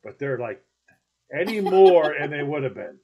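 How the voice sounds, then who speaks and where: A man's voice: a little high, animated, moderate pace, crowd noise. A man from Maine telling a funny story in casual chat, rambling, repeating himself and laughing as he goes.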